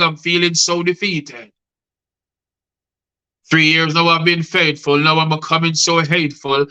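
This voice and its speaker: A man's voice: on the high side, bright, forceful tone, low-quality recording. A middle-aged man, hosting a live show and reciting rhyming spoken-word poetry, calling his guests by name. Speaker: host and poet.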